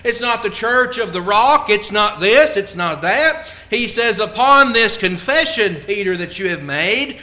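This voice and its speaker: A man delivers a sermon in a fairly high voice, pressing down on key words for emphasis. He moves between scripture reading and plain talk with the congregation. The recording sounds dull and lo-fi. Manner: tells a joke before the lesson. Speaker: preacher.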